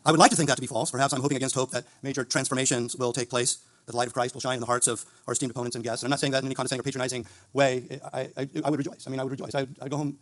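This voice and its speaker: A man giving a formal, gently ironic closing statement at a debate event. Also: medium pitch, little pitch movement, racing. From Italian heritage.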